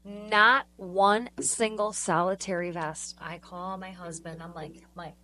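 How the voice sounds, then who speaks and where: Bright-voiced woman chatting emphatically. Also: fairly low pitch, steady tone, takes it slowly, hardly any pauses, slight background noise, rough recording. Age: middle-aged. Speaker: podcast co-host. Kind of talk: casual chat.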